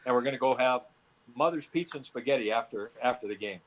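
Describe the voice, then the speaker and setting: A middle-aged man from Canada recalls his playing days in a loose, rambling way. His voice sits at an ordinary pitch, and his stories keep restarting, padded with "you know" fillers. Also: fast, poor audio. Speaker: guest, former hockey player. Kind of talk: storytelling interview answers.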